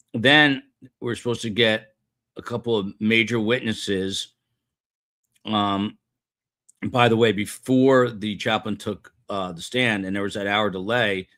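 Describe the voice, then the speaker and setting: Low-voiced man recapping a trial. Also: a bit bright. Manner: conversational, questioning recap. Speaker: trial commentary host. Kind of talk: live trial commentary.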